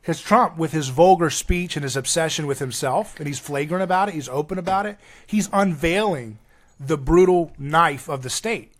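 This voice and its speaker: High-voiced man chatting animatedly. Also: moderate pace. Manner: animated, laughing, self-mocking. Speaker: podcast guest. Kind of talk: casual chat.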